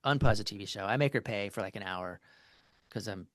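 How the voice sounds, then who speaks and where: A man's voice: lowish voice, brisk, no room sound. A man, a marriage therapist, talking as a podcast guest in a loose, conversational way, full of fillers and restarts as he walks through an example. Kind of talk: casual interview conversation.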